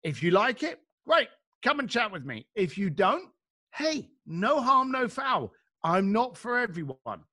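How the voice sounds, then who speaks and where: Bright, high-pitched and sing-song, this middle-aged man speaks a little slowly with a forceful tone on a dry, clean studio recording. An author appearing on a podcast, he tells animated, conversational stories in a blunt, emphatic way and voices the people he quotes.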